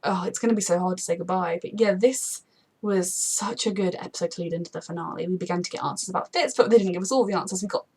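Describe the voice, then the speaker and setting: A young woman hosting a casual TV reaction chat, gushing and rambling with many fillers and quick laughs. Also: on the low side, darkish tone, slightly rough. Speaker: TV reaction channel host.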